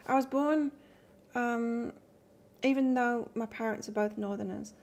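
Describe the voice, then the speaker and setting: A woman's voice: on the high side, fairly even intonation, unhurried, darkish tone. A woman from England doing a live tarot reading, chatting casually and reading out cards while answering viewer comments. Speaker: tarot reader.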